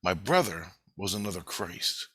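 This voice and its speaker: A man's voice: low voice, expressive, moderate pace, bright, forceful tone, husky, no room sound, rough recording. A middle-aged man telling a rambling, profane, agitated monologue to camera. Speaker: vlogger.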